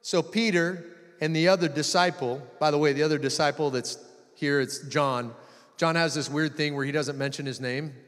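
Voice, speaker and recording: His voice is on the high side, a bit bright and steady in tone, and he keeps a moderate pace. In this sermon he reads scripture and dramatizes it, acting out the voices he quotes as the intensity builds, with long hall reverb in the background.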